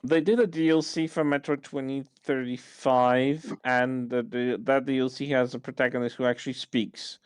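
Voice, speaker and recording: A man talks casually on a podcast with a smooth, resonant voice recorded dry and close. He often stalls and repeats small words before finishing a thought. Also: mid-range voice, flat delivery, normal speed, few pauses, no room sound. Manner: repeats words while searching for them. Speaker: podcast co-host. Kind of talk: casual chat.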